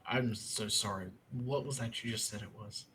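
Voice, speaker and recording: A man's voice: on the low side, fairly even intonation, moderate pace, pushed and bright, slight background noise. A man playing a tabletop game, chatting casually with wry jokes. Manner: joking, wry. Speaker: tabletop player.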